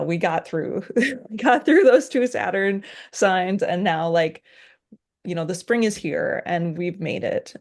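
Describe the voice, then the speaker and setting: A woman's voice: on the low side, vocal fry, darkish tone. A woman hosting a casual podcast conversation, easygoing, with many fillers and sentences that trail off. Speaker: podcast host.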